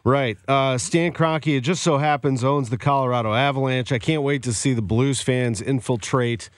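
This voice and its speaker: A man from the hosting a sports radio talk show, talking in an animated and sometimes indignant way into a studio microphone. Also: mid-range voice, normal speed, dry recording.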